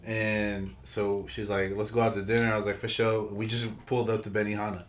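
A man's voice: on the low side, level tone, a little fast. A man, co-hosting a podcast and telling a loose, profane story among friends. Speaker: podcast co-host. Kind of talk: casual chat, storytelling. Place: room with friends.

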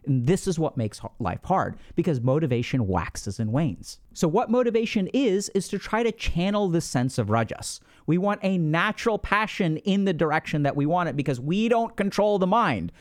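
A man hosting a podcast, explaining in a casual, animated way, often acting out inner voices and asking "right?". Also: on the high side, moderate pace, hardly any pauses. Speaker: podcast host.

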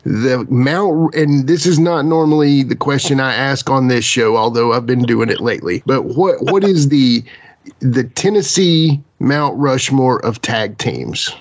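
A male co-host with a mid-range voice asks his questions slowly and easily. He draws out his words. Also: medium pitch. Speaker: podcast co-host. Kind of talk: casual interview questions.

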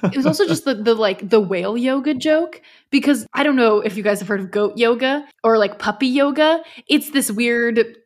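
A woman hosts a fan podcast in eager, gushing casual chat. Her voice sits slightly high, and she bubbles over with enthusiasm for the story. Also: normal speed, hardly any pauses. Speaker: podcast host.

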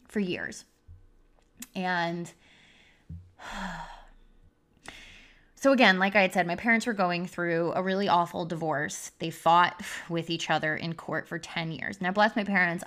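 A woman's voice: on the low side, a bit bright. A young adult woman telling a personal story on a podcast, candid and confessional, with "like" as a constant filler. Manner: confessional, heavy use of "like" as filler. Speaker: podcast speaker.

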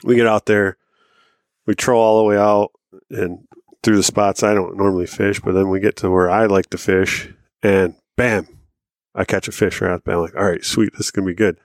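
A man in his thirties, co-hosting a podcast, tells a rambling, profane hunting-and-fishing story, laughing along the way. His voice is on the low side with fairly even intonation and a moderate pace. The studio recording is clean with no echo.

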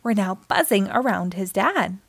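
A woman hosting storytime, reading a children's book aloud with expressive storytelling. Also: mid-range voice, normal speed, vocal fry, husky, no echo. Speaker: storytime host.

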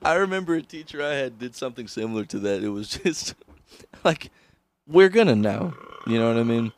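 Goofy young man with lively pitch. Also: brisk. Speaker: podcast co-host. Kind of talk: casual podcast banter. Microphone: close podcast microphone.

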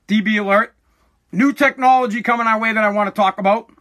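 A forty-year-old man rants on his podcast with a raised, high-set voice and a sharp, bright edge. He swears freely and keeps tipping over into yelling, a dusty throat catching now and then, recorded in a home basement. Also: fairly even intonation, quick pace. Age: 40s. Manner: aggravated, swearing, bursts into yelling. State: throat irritated by dust, coughing. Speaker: podcast host. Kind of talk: angry profane rant.

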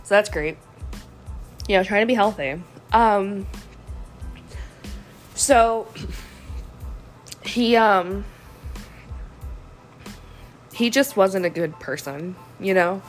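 A woman's voice: mid-range voice, extremely slow, pauses often, faint music behind. Young woman, casual storytime vlogger, slightly sick and throaty, frank, chatty, filler-heavy delivery.

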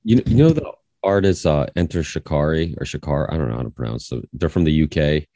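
A podcast host with an extremely low, deep voice tells stories in a loose, rambling way, often restarting his sentences. He sounds close to the mic, with a dry, dead recording. He is a man in his thirties. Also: brisk, no echo. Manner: rambling, animated storytelling with many restarts. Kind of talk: casual conversation.

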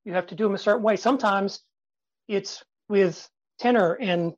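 Man, 50s, podcast guest, emphatic and lively, leans on pauses and quiet drops; dry close sound. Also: high voice, dry recording, dull audio. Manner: energetic, emphatic, uses dramatic pauses and soft drops. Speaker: guest speaker and sales trainer. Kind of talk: podcast interview.

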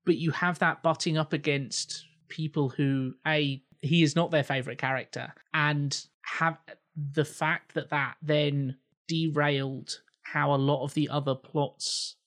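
A man with a slightly higher voice co-hosting a film podcast. He lays out his points at length in an easy, explanatory way, chuckling now and then. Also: steady tone, measured pace, fairly bright tone. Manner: thoughtful, explanatory, chuckles often. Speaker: podcast co-host. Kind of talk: casual film podcast chat.

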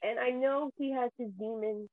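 A woman's voice: fairly high pitch, fairly even intonation, normal speed, no room sound. Woman, ranting with raw emotion and profanity, voice close to tears; dry and phone-thin. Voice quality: profane, heated, voice near tears. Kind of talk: angry emotional rant. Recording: tinny phone-like sound.

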